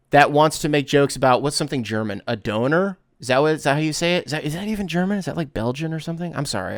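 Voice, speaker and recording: A man's voice: on the high side, dry recording, studio quality. A man from the United States hosting a casual solo podcast, rambling and correcting himself as he talks. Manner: rambling, self-correcting, conversational. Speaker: podcast host.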